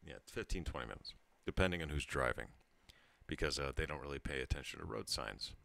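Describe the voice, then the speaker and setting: A man's voice: rumbling low, lively intonation, brisk, gravelly, bright, forceful tone, no echo. A tipsy man in his thirties telling a rambling story to his channel, laughing and breaking off mid-sentence. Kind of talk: casual storytelling monologue.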